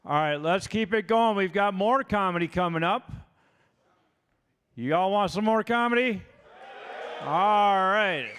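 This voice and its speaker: A man's voice: high-pitched, expressive, slow, pauses often, fairly bright tone, in a large hall. A man acting as emcee at an open mic, hyping up the room, plugging the show and bringing the next comic to the stage. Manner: upbeat hype, plugging the show. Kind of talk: introducing acts. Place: comedy open mic in a venue. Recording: crowd and noise in the room.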